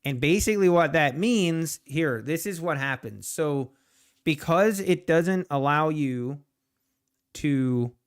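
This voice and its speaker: Casting note: man, live trading streamer, unhurried delivery, clean resonant tone, a bit high-pitched. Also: lively intonation, clean tone. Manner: rambling, talks to the market and to chat viewers. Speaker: trading livestream host. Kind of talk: casual live commentary while trading.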